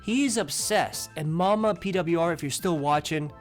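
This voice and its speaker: A man's voice: a little high, normal speed, soft background music. Scornful man narrating commentary. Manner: scornful, mocking. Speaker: commentary channel host.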